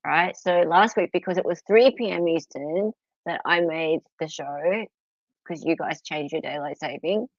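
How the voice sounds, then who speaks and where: A low-pitched, moderately paced voice belongs to this middle-aged Australian woman, casually livestreaming from home. She giggles and chats as she greets viewers, captured in a dry, slightly dull lo-fi recording.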